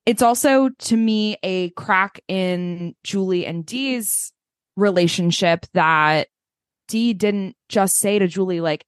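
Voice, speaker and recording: A woman's voice: mid-range voice, slow pace, clear, resonant tone, dry recording. A woman with a mid-range voice gives her blunt, opinionated take on a reality show, dropping swear words without a second thought. Her voice is recorded dry and close, with no room sound around it. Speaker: podcast co-host. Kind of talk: casual reality TV recap chat.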